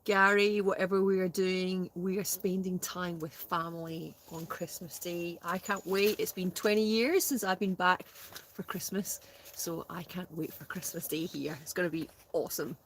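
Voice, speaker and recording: A Scottish woman, the host's sister appearing as a guest, chats casually on a live stream from a smoky tent, reading out comments and laughing often. Her voice is lowish and steady at a moderate pace, with slight background noise.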